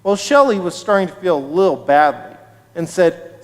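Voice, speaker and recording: A man with a high, very animated voice tells a children's story slowly and expressively at a synagogue service. The sound carries a long reverb from the sanctuary. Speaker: service leader.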